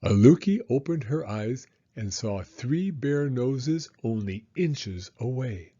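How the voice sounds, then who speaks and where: A male reader tells a children's story slowly, his voice rising and falling with lots of life. The pitch sits mid-range. The recording is slightly dull and muffled. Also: husky. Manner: expressive, unhurried storytelling. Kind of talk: children's read-aloud.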